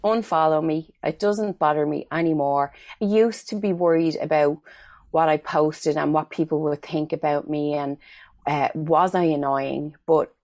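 Chatty low-voiced Irish woman, gravelly. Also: unhurried, darkish tone, no echo. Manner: chatty, storytelling with acted-out quotes. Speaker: guest, makeup artist. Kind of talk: casual interview chat.

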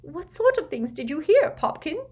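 A woman reading the part of an anxious, fussing middle-aged woman who speaks in a breathy, fretful way. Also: high-pitched, sing-song, normal speed, darkish tone, voice pushed up.

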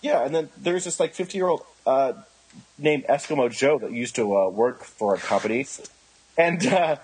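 A man's voice: medium pitch, lively intonation, moderate pace, darkish tone, a little hiss or hum, rough recording. A man in his twenties telling rambling, profane stories as a podcast co-host, acting out the voices of people he quotes. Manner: rambling storytelling, heavy swearing, acts out quoted voices. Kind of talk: casual chat.

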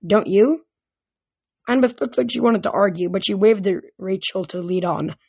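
Halting amateur audiobook narrator. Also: medium pitch, vocal fry, darkish tone, husky, dry recording. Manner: halting, with frequent restarts. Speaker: audiobook reader.

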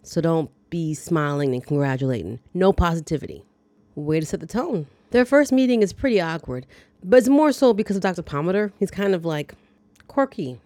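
A woman's voice: lowish voice, lively intonation, fairly quick, dark tone, no echo. A woman podcast host giving a chatty, wry, dryly joking casual recap of a movie. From lives in the American South.

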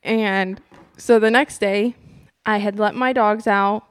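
A young woman co-hosting a casual chat, animated and laughing often as she tells a story. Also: mid-range voice, slow, clear, resonant tone. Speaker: podcast co-host.

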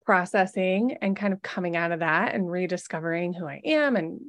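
A woman's voice: lowish voice, fairly quick. A woman podcast host and former labor and delivery nurse, chatting casually with a guest.

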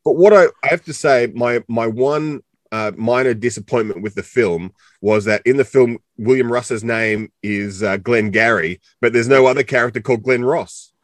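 A man's voice: medium pitch, moderate pace, dry recording. Chatty Australian man, very dry sound. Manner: chatty and joking, rambling with many fillers. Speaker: co-host interviewer. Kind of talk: casual interview chat.

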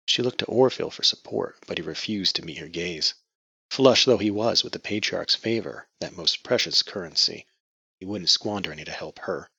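A man narrating a novel in measured, scripted storytelling. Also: deep voice, creaky, pushed and bright, breathy edge, no room sound. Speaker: audiobook narrator. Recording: muffled lo-fi dry recording.

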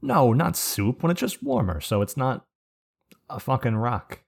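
A man's voice: medium pitch, wildly swooping pitch, unhurried, gravelly, husky. A man co-hosting a podcast in casual chat, profane and opinionated, going off on rants. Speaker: podcast co-host.

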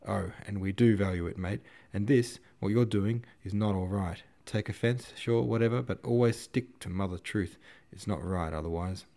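A man playing a gruff, blunt veteran staff captain in an audiobook, scolding in coarse slang, a touch higher and louder than the reader's usual voice, with a lowish male tone underneath. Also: normal speed, few pauses, lightly acted. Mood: earnest.

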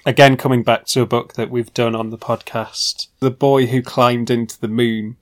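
A man's voice: medium pitch, level tone, moderate pace. A man from Northeast England chats about favourite books on a podcast. He talks in an easygoing way, often restarting phrases as he goes. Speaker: podcast co-host. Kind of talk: casual chat.

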